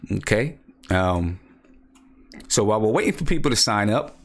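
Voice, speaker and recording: A young man with a somewhat low voice hosts a live stream. He talks in a loose, excited way, circling back to the same points and reading out viewer comments as he goes. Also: moderate pace. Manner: excitable, repeats himself, reads chat aloud. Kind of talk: casual live stream chat.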